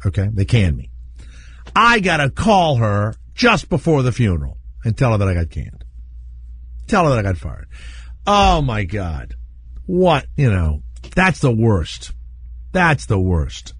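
Husky-voiced man telling radio stories. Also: medium pitch. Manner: candid, rambling, laughs at own dark jokes. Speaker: radio show host. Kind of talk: storytelling talk radio chat. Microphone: studio microphone.

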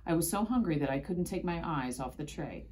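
A woman reading a children's picture book aloud in expressive first-person storytelling. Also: deep voice, fairly quick. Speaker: storybook reader.

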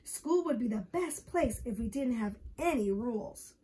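A woman's voice: fairly high pitch, animated, moderate pace, warm tone, breathy edge. A woman voicing a young schoolboy who dislikes rules, eager and then plaintive.

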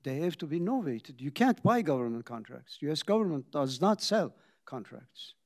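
An older man, a company founder, tells his story in a reflective talk, pausing for drama and acting out the conversations he recounts. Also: on the high side, sing-song, darkish tone. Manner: dramatic pauses, acts out quoted dialogue.

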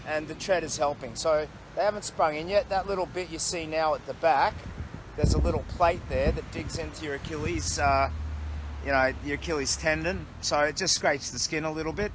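A man's voice: fairly high pitch, noisy background. An Australian man chatting casually on a livestream outdoors by a road, reading viewer comments aloud in an upbeat way. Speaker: charity walker livestreaming. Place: outdoors by a road, resting against a tree.

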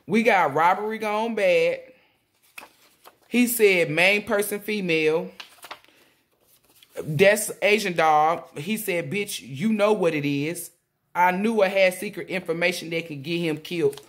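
A woman tarot reader talking casually to viewers, rambling and excitable, often exclaiming and relaying messages in blunt slang with swearing. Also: on the low side, a little slow. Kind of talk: casual spiritual reading to viewers.

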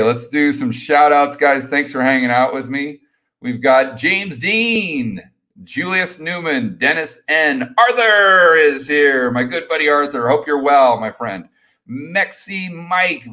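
A middle-aged man hosting a casual live stream Q&A, talking with energetic, rambling enthusiasm and repeating his words. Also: a little high, takes it slowly. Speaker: host.

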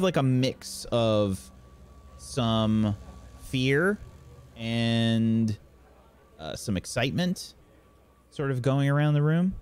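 A man acting as game master, narrating the scene in a relaxed, meandering way with many fillers. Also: medium pitch.

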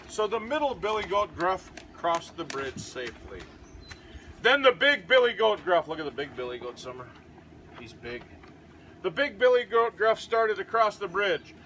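A man reading a storybook aloud to his goats, pausing to talk to them about the pictures. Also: high-pitched, slight background noise, poor audio. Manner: animated reader, chats to the goats between pages.

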